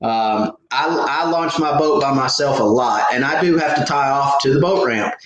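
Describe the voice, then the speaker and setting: This fishing channel host talks at a normal speed in a mid-range, fairly bright voice during his live Q&A stream. His storytelling is loose and casual, packed with fillers and false starts, and the recording has heavy room echo.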